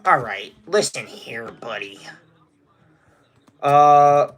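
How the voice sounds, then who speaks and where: A man's voice: medium pitch, lively intonation, drawn-out words. A nineteen-year-old man from Indiana, livestreaming casually, rambling and greeting viewers in chat by name. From Indiana, USA. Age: teens.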